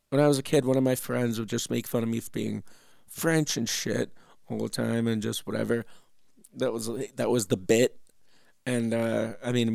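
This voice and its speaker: Gravelly young man rambling casually. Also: mid-range voice, darkish tone, no room sound, clean studio sound. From Canada. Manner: rambling, profane, self-interrupting. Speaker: host. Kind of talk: casual reaction commentary.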